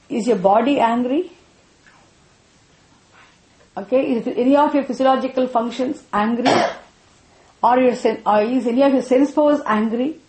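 A woman's voice: high voice, a little mellow. Woman teaching in an echoey room. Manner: repetitive, checks students with frequent questions. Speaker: spiritual teacher. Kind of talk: interactive scripture class.

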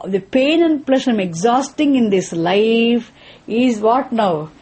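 Her voice a little high, a little mellow and slightly rough, a spiritual teacher lectures on philosophy at a measured pace with lively intonation. She regularly tests her audience with rhetorical questions and repeats key terms to drive them home.

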